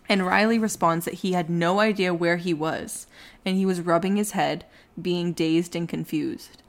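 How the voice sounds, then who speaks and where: A young woman hosting a podcast, casually telling a true crime story and acting out the quotes. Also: moderate pace. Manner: animated, acts out quotes with rising pitch. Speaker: podcast host.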